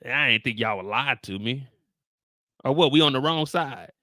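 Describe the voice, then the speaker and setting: Animated young man, exasperated streamer, bright lively voice, dry sound. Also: mid-range voice, normal speed, dry recording. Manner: animated, exasperated, swears freely, talks to chat. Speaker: show reaction streamer. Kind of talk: casual livestream chat with viewers.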